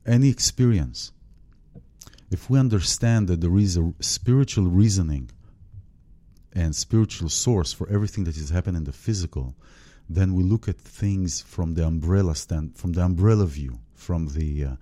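Host, male, very deep and very dark tone, halting, reflective delivery. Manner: halting, searching for words with many restarts. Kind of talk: spiritual conversation.

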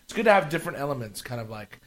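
A woman's voice: a bass voice, big pitch swings, rapid-fire. A woman hosting a radio interview in a casual, playful, joking way. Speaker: radio host.

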